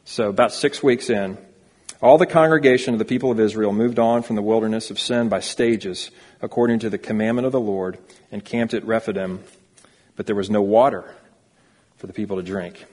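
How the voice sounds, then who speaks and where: A man's voice: on the low side, fairly quick, darkish tone, long reverb tail. A man preaching a sermon as a pastor, reading scripture aloud and explaining it earnestly in a church sanctuary.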